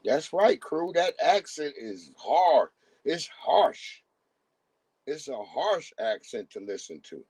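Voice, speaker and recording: A man riffing through a livestream in a fairly high voice that swings widely up and down as he gets worked up. His talk is loose and profane. He often slips into acted-out voices of the people he quotes. The sound is close and dry. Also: very animated, takes it slowly, a little mellow, breathy edge, no room sound. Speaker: livestream host. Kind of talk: casual livestream commentary.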